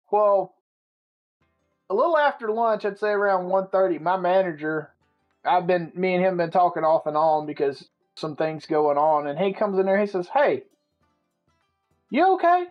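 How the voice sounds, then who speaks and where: A man hosting a podcast, telling a story in a casual, profane and animated way. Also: sits high, unhurried, long pauses. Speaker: podcast host. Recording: slightly muffled with faint music.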